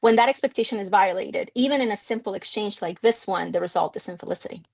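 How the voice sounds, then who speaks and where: A woman's voice: mid-range voice, fast, darkish tone. Mexican-born woman giving a seminar lecture. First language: Spanish. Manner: clear, engaging explainer who tells personal anecdotes. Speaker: linguistics researcher giving a seminar talk. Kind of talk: academic lecture.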